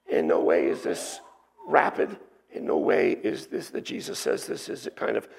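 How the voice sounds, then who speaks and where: Gravelly preacher walking through a passage. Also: male voice, deep voice, wildly swooping pitch, moderate pace. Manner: explanatory, teacherly, with restarts and asides. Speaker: pastor. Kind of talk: expository sermon.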